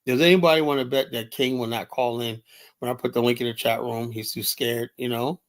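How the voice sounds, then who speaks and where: Forceful, profane livestream host. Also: male voice, mid-range voice, steady tone, fairly quick. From United States. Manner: emphatic, profane, repeats "you know". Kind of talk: heated solo livestream commentary.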